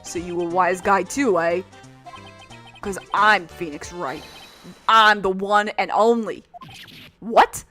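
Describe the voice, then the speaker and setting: Brief: a woman playing a loud New York tough guy, a bullying scooter thug in a game, slow threats. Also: medium pitch, faint music behind. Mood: boastful tough. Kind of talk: reading game dialogue aloud.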